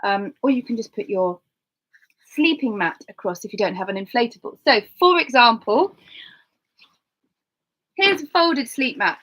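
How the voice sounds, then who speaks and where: A middle-aged woman from Cornwall, chatting casually about her hiking gear and telling lively stories. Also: normal speed, pauses often. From Cornwall, England. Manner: chatty and animated, acts out dialogue in a higher voice. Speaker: hiker and vlogger. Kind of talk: casual gear talk with storytelling. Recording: slightly dull lo-fi sound.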